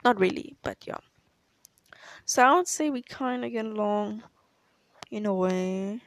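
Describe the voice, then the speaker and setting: A woman's voice: medium pitch, measured pace. A young woman from Africa, chatting in a rambling, hesitant way as she answers personal questions in a vlog. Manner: rambling, hesitant, self-correcting. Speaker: vlogger. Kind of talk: casual confessional Q&A chat.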